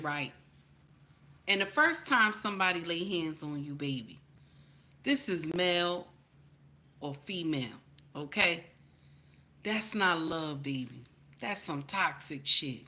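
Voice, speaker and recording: With a fairly low, expressive voice, this commentary channel host speaks unhurriedly and pauses often. She preaches blunt, profane opinions into the camera, calls her audience "baby," and repeats her points, building up to loud outbursts.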